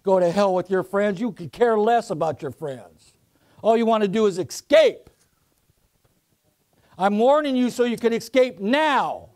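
A pastor with a high voice preaches a sermon. He draws out his phrases slowly, then drops low and quiet to tell a story before he climbs back up to a shout. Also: expressive. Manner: preaching with swings from soft to shouting.

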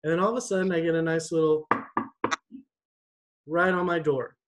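A young man giving a church devotion, telling a personal story in an animated, conversational way. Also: fairly high pitch, normal speed, a little hiss or hum, low-quality recording.

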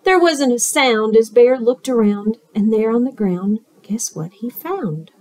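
A woman teacher reading a picture book aloud, expressive and rhythmic, adding asides to children. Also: on the high side, measured pace, few pauses, dry recording. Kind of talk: storytime read-aloud.

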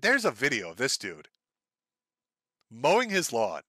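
A man's voice: mid-range voice, huge pitch swings, moderate pace, sharp tone, no echo. A man hosting a live stream, ranting in profane, sarcastic, mocking commentary. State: sore, says his throat gives out.

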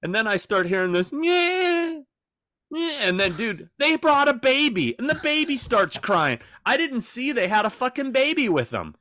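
A man's voice: high-pitched, moderate pace, few pauses, no echo, clean studio sound. A man co-hosting a podcast, telling stories in a casual, profane way and acting out other people's voices. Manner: animated storytelling, profane, acts out voices. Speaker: podcast co-host. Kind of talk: casual chat.

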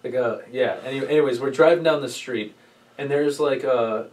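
A man's voice: medium pitch, moderate pace, a little mellow, far from the mic, low-quality recording. A man telling a crude story in a rambling, profane way, often laughing at himself. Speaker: podcast co-host.

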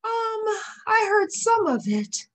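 A woman voicing an eager young male lion cub in a storybook reading, with a high childlike voice. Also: big pitch swings, slow, a bit bright, exaggerated voice.

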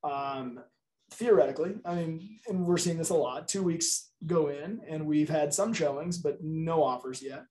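Man, middle-aged instructor, informal lecture, slightly high voice, mellow tone. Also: normal speed. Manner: chatty and informal, acts out quoted client replies. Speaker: real estate negotiation instructor. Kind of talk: casual classroom lecture.

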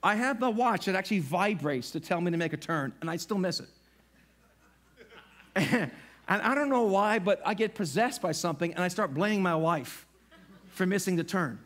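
A middle-aged man pastor preaching a sermon in a church, animated and acting out little voices as he talks. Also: high voice, moderate pace. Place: church sanctuary.

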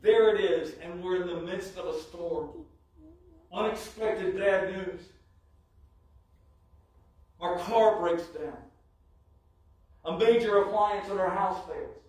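Slow, emphatic man preaching in echoey church. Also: high voice, a little mellow. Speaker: pastor. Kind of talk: sermon. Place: church sanctuary. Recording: very echoey church, mic from far off.

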